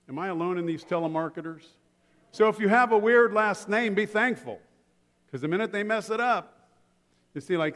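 A man preaching from the pulpit in a relaxed, conversational style, leaning on wry everyday anecdotes to drive his points home. His voice sits a little higher than most men's and carries a long reverb tail from a large sanctuary. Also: moderate pace. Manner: conversational preaching with humorous asides. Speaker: pastor. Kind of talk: sermon.

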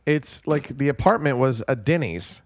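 A laid-back man in a casual movie podcast chat, his voice at an average pitch but rising and falling a lot. He laughs easily and speaks loosely. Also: expressive, moderate pace, a little hiss or hum. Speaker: podcast co-host.

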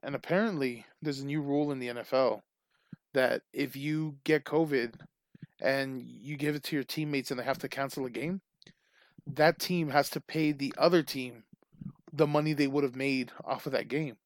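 A man co-hosting a casual chat, telling stories in a loose, animated way with plenty of swearing and laughter. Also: mid-range voice, normal speed, no echo.

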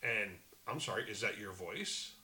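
A man co-hosting a casual political podcast, animated and quick to laugh. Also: lowish voice. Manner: animated, laughs often, swears. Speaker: podcast co-host.

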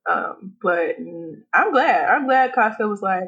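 A woman's voice: medium pitch, lively intonation, measured pace, fairly bright tone, husky. A woman co-hosting a podcast in casual chat, blunt and profane, laughing often. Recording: dull lo-fi recording.

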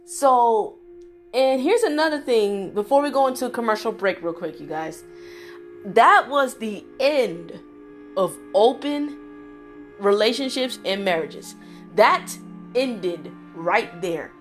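A young woman hosting a podcast, talking straight to her listeners in an animated way and laughing often. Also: a little high, takes it slowly, faint music behind. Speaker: podcast host. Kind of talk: casual opinion monologue.

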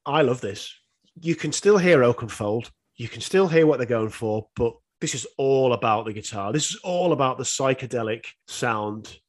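A man's voice: medium pitch, expressive, moderate pace. A man in his thirties co-hosting a podcast, chatting casually and swearing now and then, laughing often as he reviews an album. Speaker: podcast co-host.

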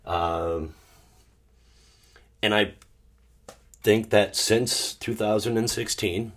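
A man hosting his own podcast, talking in a rambling, emotional way and feeling low, often restarting and sometimes bursting out loudly. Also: drawn-out words. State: low and sad. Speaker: podcast host. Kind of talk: casual solo monologue.

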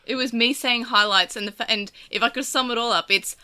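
Bright-voiced Australian woman, rambling. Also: on the high side, fairly even intonation, fairly quick, clean tone. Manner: rambling, stammering restarts. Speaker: podcast co-host. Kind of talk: casual chat.

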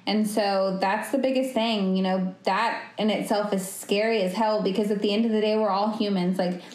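A woman's voice: mid-range voice, fairly even intonation, normal speed, darkish tone. A young woman co-hosting a podcast, chatting casually, laughing often and acting out what people said. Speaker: podcast co-host. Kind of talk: casual chat. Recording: echoey room.

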